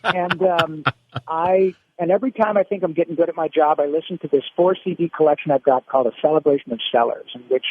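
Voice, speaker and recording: A man from Michigan, a guest voice actor, telling stories in an animated way with many restarts in a casual interview. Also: a little high, fast, slightly rough. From Michigan, USA. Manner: animated storyteller, frequent restarts. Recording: dry, phone-like line.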